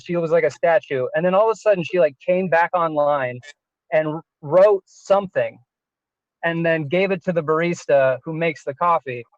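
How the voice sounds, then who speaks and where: A man's voice: on the high side, no room sound, dull audio. A man performing a self-deprecating stand-up set, laughing at his own story now and then. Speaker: stand-up comedian.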